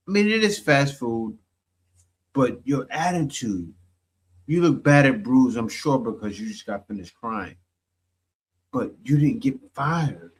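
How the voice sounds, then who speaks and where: A man giving blunt, scolding commentary as he reacts to video clips. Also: medium pitch.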